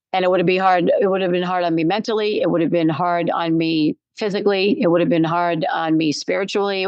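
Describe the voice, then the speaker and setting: A woman's voice: on the low side, darkish tone, no room sound, dull audio. A middle-aged woman hosting a solo podcast, telling a personal story in a conversational way and repeating phrases for emphasis. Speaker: podcast host.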